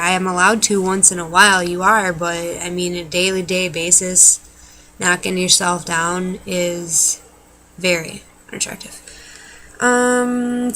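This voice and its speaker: A woman's voice: on the low side, a bit bright, poor audio. A young adult woman ranting casually to camera, blunt and exasperated, swearing freely. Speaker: vlogger. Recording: faint background noise.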